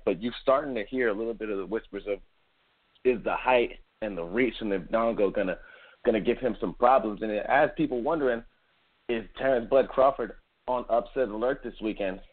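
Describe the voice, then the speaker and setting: A man hosting a casual boxing podcast, chatting upbeat with his co-host. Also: medium pitch. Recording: tinny phone-like line.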